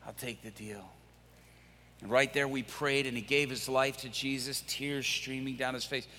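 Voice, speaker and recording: Preacher guy telling a story big and lively, bright edgy voice, long echo like a big hall. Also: mid-range voice, normal speed. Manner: vivid, animated storytelling. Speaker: preacher, prison minister. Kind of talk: dramatic storytelling sermon.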